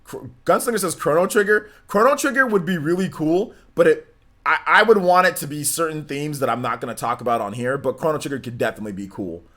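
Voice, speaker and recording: Excitable young man hosting a stream. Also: on the high side, fast talker. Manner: rambling and excitable, laughs often, reads chat questions aloud. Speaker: gaming livestream host. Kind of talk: casual livestream chat.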